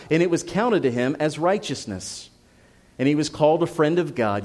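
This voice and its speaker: Man preaching a passionate sermon. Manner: emphatic, builds to loud passionate peaks then drops low. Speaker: pastor.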